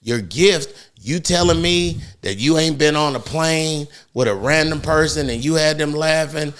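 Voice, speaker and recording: A man's voice: fairly high pitch, measured pace, clean tone. A middle-aged man, a comedian guest on a podcast, telling stories in a casual, slangy way and acting out the people he quotes. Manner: animated storyteller, slangy, acts out quotes. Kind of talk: casual storytelling chat.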